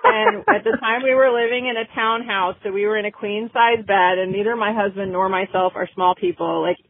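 A woman's voice: medium pitch, expressive, brisk, a little hiss or hum. A woman in her forties, a coach guest on a podcast, chatting casually and telling a story with lots of fillers. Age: 40s. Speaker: guest, women's health coach. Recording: tinny, phone-like remote audio.

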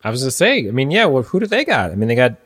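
A man co-hosting a casual chat. He hedges a lot and leans on fillers, and his voice rises and falls in a lively way around a middle pitch. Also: rapid-fire, slightly rough. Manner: chatty, hedging with fillers. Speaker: podcast co-host.

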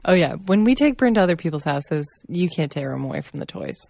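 A mother co-hosting a podcast cuts in with dry, teasing asides, her voice notably low for a woman. The recording is close and dry. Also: very animated, fast, gravelly, a little mellow, no echo. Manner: wry, teasing interjections. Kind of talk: casual chat.

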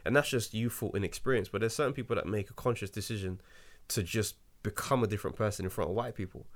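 A man's voice: lowish voice, fast. A man who works as a stand-up comedian, talking in an emphatic, slangy way in a casual chat.

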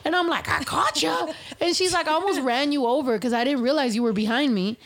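Bubbly, high-voiced woman telling stories. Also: fast. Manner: animated storyteller, swears freely, acts out quotes. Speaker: podcast co-host. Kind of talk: casual chat.

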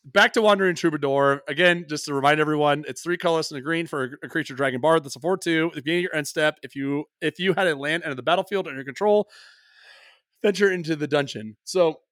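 A man hosting a podcast in casual chat, rambling and self-deprecating, quick to laugh. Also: a little high, fairly bright tone, dry recording, clean studio sound. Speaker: podcast host.

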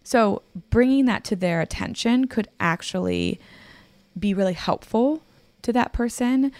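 A woman hosting a podcast, talking casually and calmly as she gently coaches listeners through advice. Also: mid-range voice, gravelly, dry recording. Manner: calm, conversational, gently coaching. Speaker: podcast host, therapist. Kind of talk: solo advice talk answering listener questions.

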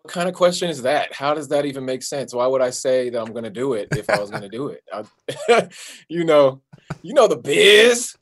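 A man who is a singer, chatting casually as an interview guest, relaxed and easygoing, with many fillers. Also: mid-range voice, fairly quick. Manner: relaxed, laid-back, with fillers and playful sung bits.

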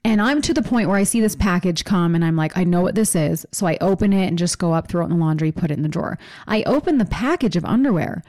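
A woman's voice: fairly low pitch, fast, hardly any pauses. A woman co-hosting a podcast, telling stories in casual chat and laughing often. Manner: chatty, laughing, animated storytelling. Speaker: podcast co-host.

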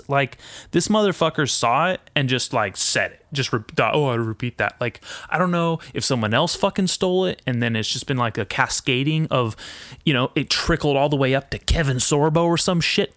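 A man's voice: on the high side, a bit bright, no echo. Ranting foul-mouthed man, dry close mic. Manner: ranting, heavy swearing, self-deprecating asides. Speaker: podcast host and aspiring comedian. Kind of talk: profane rambling monologue.

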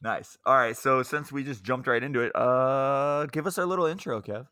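A man co-hosting a casual podcast, teasing his friends and quick to laugh. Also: medium pitch, bright, forceful tone, clean tone. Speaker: podcast co-host. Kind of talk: casual chat.

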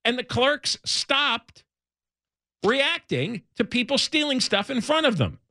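A man's voice: extremely high pitch, very animated, slow, bright, forceful tone, no room sound, studio quality. A middle-aged male talk radio host delivering an indignant, sarcastic monologue with heavy emphasis.

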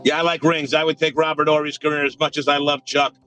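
A man's voice: fairly high pitch, level tone, quick pace, sharp tone, faint music behind. A man who works as a basketball radio analyst, answering podcast questions emphatically and thinking aloud. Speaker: NBA radio analyst, guest.

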